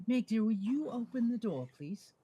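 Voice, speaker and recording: A man voicing a fussy, excitable old woman in a tabletop game, shrill and fluttery. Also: normal speed, husky, full character voice. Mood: flustered.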